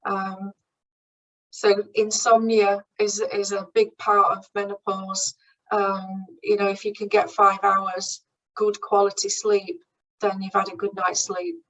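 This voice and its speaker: A woman's voice: mid-range voice, monotone, takes it slowly, fairly bright tone, dull audio. A woman in her forties giving a frank, chatty talk from her own experience, with many ums and restarts. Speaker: speaker at a branch meeting. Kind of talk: informal talk from personal experience. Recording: voice somewhat far from the mic.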